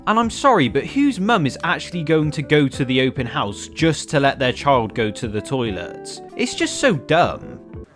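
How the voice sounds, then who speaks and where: A man's voice: medium pitch, expressive, moderate pace, few pauses, soft background music. A man giving a sarcastic, exasperated, profane comedic film review.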